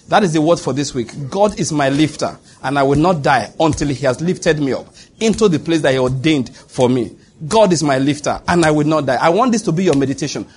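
In a church where the congregation calls back, a male pastor preaches with emphatic, repeated statements and breaks into laughter now and then. His pitch is fairly high, and his husky voice has a slightly mellow quality.

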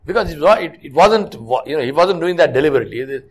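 Man giving a sermon, fairly high voice, earnest and a bit scolding, storytelling. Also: animated, fast talker, breathy edge. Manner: earnest, scolding rhetorical questions; storytelling with frequent restarts. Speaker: mosque preacher.

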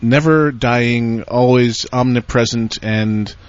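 A man's voice: mid-range voice, takes it slowly, no echo. A man co-hosting a casual podcast, reading listener emails in a playful, teasing way. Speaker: podcast co-host. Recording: dull lo-fi podcast audio.

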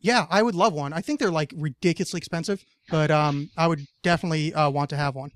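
A man's voice: fairly high pitch, fast, no room sound. Rambling, swearing podcast host man. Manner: rambling, lots of fillers and swearing, jokey. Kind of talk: casual chat.

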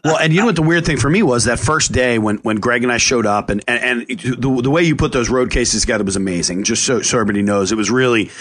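A man hosting a podcast as a chef. He talks casually in an animated, profane way and often stumbles into restarts as he tells stories. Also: medium pitch, fast talker, few pauses. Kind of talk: casual chat.

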